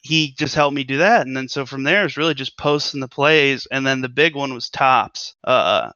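A man's voice: medium pitch, normal speed, sharp tone, dry recording. A man chatting as a podcast guest in a laid-back, rambling, jokey way. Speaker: guest, stock trading group leader. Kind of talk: casual podcast chat. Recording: dull lo-fi audio.

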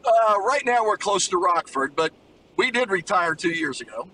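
A man's voice: high-pitched, normal speed, distant mic, slight background noise, low-quality recording. Older man on the phone from a car. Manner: animated anecdote teller, acts out voices. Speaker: former college basketball player, guest. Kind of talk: casual storytelling by phone. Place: riding in a moving car.

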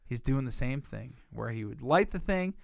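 A man's voice: mid-range voice, lively intonation, moderate pace, creaky, no room sound, studio quality. A man co-hosting a casual podcast, telling rambling, profane stories and acting out what people said. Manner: rambling profane storyteller who acts out quotes. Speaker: podcast co-host.

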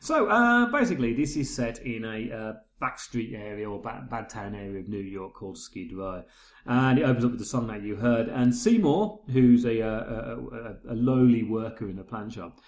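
Man, casual film chat, rambling and self-correcting, animated pitch, echoey room. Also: moderate pace. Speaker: podcast co-host.

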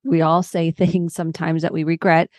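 A woman's voice: low voice, little pitch movement, normal speed, a little mellow, no echo, clean studio sound. A woman psychotherapist on a podcast, earnestly walking through examples step by step. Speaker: psychotherapist guest. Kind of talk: podcast interview.

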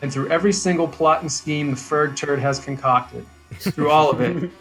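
A man's voice: a little high, normal speed, fairly bright tone, faint music behind. A man reading the lines of a worried teenage girl who keeps a pet alligator, in an earnest, chatty monologue. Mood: fretful.

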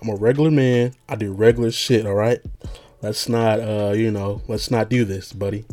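A man's voice: on the low side, steady tone, moderate pace, dark tone, faint music behind. A young man rambling casually as a podcast host, loose and slangy with lots of fillers and jokes.

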